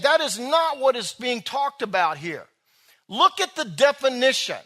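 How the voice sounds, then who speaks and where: A man delivers a church sermon in a high, bright, forceful voice. He preaches emphatically, drawing out words for weight and swinging from loud, pointed lines to hushed ones. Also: big pitch swings, moderate pace. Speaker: pastor.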